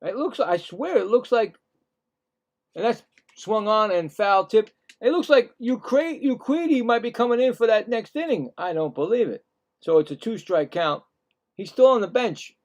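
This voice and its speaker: Excitable man calling baseball play-by-play. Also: high-pitched. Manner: excitable, jumps louder on big plays, chatty asides; acts out players' thoughts in quick asides. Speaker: play-by-play commentator. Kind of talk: live baseball play-by-play commentary.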